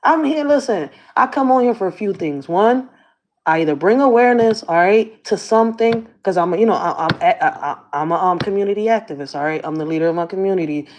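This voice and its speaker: A woman's voice: medium pitch, animated, fast, darkish tone, lo-fi sound. A woman vlogging as a community activist, ranting to the camera in blunt, profane slang. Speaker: community activist and channel host. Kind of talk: casual rant to camera.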